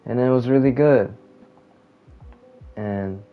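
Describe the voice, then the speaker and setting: A man casually venting about his life while playing a game, rambling and halting, often trailing off quietly. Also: medium pitch. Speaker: gamer venting. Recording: muffled lo-fi audio with faint game music.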